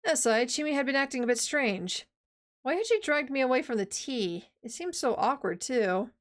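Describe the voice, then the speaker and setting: A woman streamer reading a visual novel aloud and chatting casually, swearing and laughing at herself. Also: fairly high pitch.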